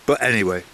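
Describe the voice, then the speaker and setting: A man's voice: medium pitch, sharp tone. An older man talking in a rambling, chatty vlog style as he sets off on a long walk and chats with locals, full of asides and restarts. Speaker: walking vlogger. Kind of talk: casual vlog chat.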